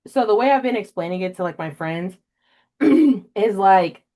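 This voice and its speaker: A young woman hosting a casual book podcast, chatty and emotional, jumping way up in pitch when she acts out her own reactions. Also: unhurried. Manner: emotional, animated storyteller with big pitch jumps in quoted reactions. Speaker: podcast host. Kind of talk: casual chat.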